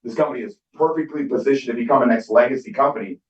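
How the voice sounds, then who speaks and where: Rapid-fire and medium in pitch, a middle-aged Southern Californian man delivers an onstage motivational business talk about skincare. He spins stories and performs the quoted lines himself, and the hall recording sounds distant, echoey and dull.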